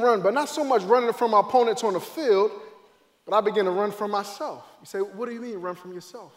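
A man, a former football player, giving an emotional faith testimony, dramatic and acting out moments as his voice swings between loud and hushed. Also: extremely high pitch, big-room sound.

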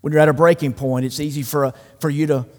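A man's voice: on the high side, steady tone, fast. Emphatic preaching man in a reverberant hall. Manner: emphatic, swings from loud to hushed. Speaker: pastor. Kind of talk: sermon. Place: large room with an audience.

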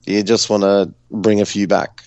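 An Australian man co-hosting a podcast, telling a story in animated, profane, casual banter. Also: lowish voice, moderate pace, no echo, dull audio. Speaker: podcast co-host.

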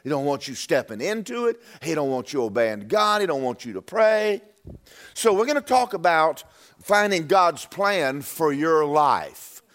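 A man's voice: big pitch swings, measured pace. A man preaching a sermon and telling a personal story, stumbling over and repeating words as he talks. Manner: drops low and quiet for quoted speech.

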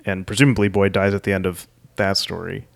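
A man's voice: low voice, level tone, gravelly, no echo, clean studio sound. Chatty man trading trivia. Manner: chatty, adds trivia and quick jokes. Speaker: podcast co-host. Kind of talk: casual chat.

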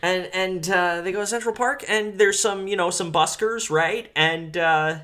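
A man's voice: sits high, unhurried. A man co-hosting a podcast, chatting casually about a movie. He swears freely and slips into goofy voices for the characters. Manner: animated, profane, does silly impressions of characters. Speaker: podcast co-host. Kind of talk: casual chat recapping a movie.

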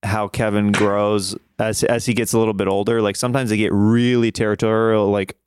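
A man's voice: on the low side, little pitch movement, fairly quick, a little mellow, slight background noise. A young man hosting a podcast over a video call, chatting casually and rambling with fillers and laughs. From Kansas. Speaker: podcast host. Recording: dry close sound.

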